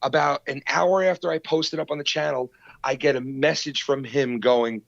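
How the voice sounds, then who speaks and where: A man, hosting a podcast and retelling a feud in a heated, profane, animated way. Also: medium pitch, moderate pace, creaky, no echo, muffled recording. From New York. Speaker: podcast host. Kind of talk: casual podcast storytelling.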